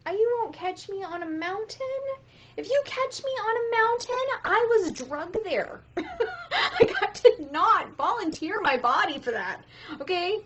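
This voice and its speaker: A woman business coach giving a casual motivational talk, animated and swearing freely as she acts out quotes. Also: very high-pitched, unhurried, dull audio, a little hiss or hum.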